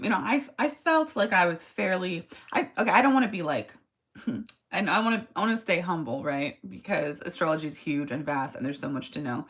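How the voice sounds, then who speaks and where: A woman in her thirties, a tarot and astrology host, chatting to camera in a rambling, animated way with many asides. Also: on the low side. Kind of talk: casual chat to camera.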